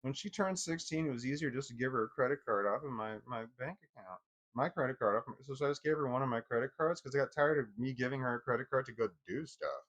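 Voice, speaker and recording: A man's voice: medium pitch, fast, a bit bright. A middle-aged man telling a personal story in casual vlog talk, rambling and profane, with many restarts. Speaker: vlogger.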